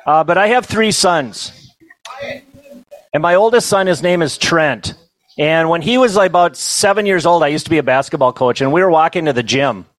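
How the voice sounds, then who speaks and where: A man's voice: fairly high pitch, normal speed, no room sound, poor audio. Joking middle-aged male storyteller. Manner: folksy, self-amused, joking asides to the crowd. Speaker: banquet storyteller and comedian. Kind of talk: humorous storytelling to a live audience.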